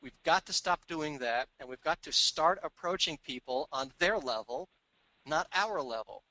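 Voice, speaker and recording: Bright-voiced man telling a story. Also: on the high side, animated, no echo, poor audio. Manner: storytelling, acting out dialogue in quick voices. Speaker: business speaker. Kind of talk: recorded seminar talk.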